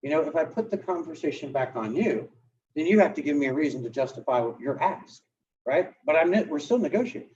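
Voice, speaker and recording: A man in his thirties coaches a room of real estate agents, his voice lively and a touch high. He swings between chatty asides and acted-out client lines. The sound is dull and picked up from a distance. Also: brisk. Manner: animated, conversational, acts out client dialogue. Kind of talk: live coaching session talk.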